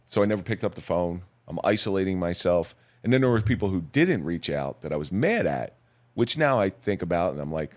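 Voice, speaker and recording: Brief: middle-aged man, very low voice, measured and somber storytelling, plain-spoken guest. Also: big pitch swings, a little mellow. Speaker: podcast guest, police officer. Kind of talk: personal storytelling in a podcast interview.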